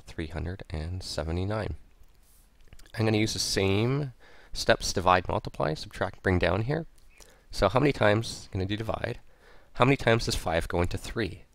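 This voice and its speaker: Low gravelly-voiced man teaching. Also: fairly bright tone, dry recording. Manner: patient, repeats steps aloud while writing. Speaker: math teacher. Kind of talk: step-by-step tutorial explanation. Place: at a computer, recording a screen lesson.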